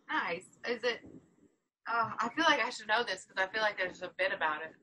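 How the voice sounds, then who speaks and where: A young woman hosting a casual podcast chat, playful and quick to laugh. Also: medium pitch, sharp tone, breathy edge. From North Carolina. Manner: giggly, playful. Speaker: podcast host.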